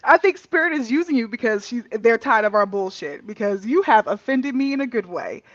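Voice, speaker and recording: A woman telling a personal story in a candid casual chat over a video call, animated and laughing often, cursing freely. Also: on the high side, brisk, no room sound. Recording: dull muffled lo-fi mic.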